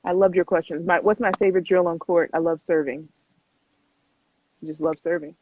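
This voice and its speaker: A woman's voice: on the low side, steady tone, husky, no room sound. Chatty woman on a tinny live stream. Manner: chatty and quick, laughs often between answers. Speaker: host answering viewer questions. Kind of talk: casual live Q&A chat.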